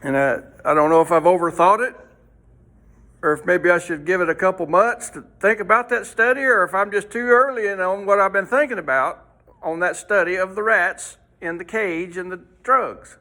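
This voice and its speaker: A man's voice: high voice, moderate pace, sharp tone. A man teaching a folksy Sunday school lesson, rambling and throwing in rhetorical questions.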